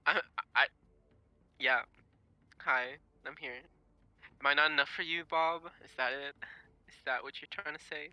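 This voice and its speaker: A man's voice: a little high, steady tone, unhurried, long pauses, dry recording, highs cut off. A man playing a tabletop game, teasing and joking with the table. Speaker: player. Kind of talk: joking banter in a game session.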